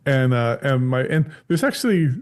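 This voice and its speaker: A man's voice: medium pitch, animated, normal speed. Rambling casual male podcast host. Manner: rambling, many ums and restarts; acts out quoted voices animatedly. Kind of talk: casual chat.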